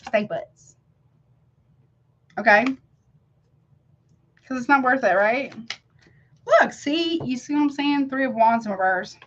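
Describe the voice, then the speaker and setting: A woman's voice: high-pitched, animated, slow, pauses often, fairly bright tone, muffled recording, a little hiss or hum. A woman giving a casual tarot reading, emphatic and slangy, who keeps checking "you see what I'm saying?". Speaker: tarot reader.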